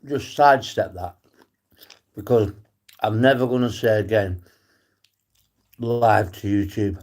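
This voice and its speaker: A man's voice: on the low side, slow pace, darkish tone. A man talking straight to his viewers on a live stream, defiant, swearing freely and calling out people in the chat by name. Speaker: livestreamer. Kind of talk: rambling live stream monologue.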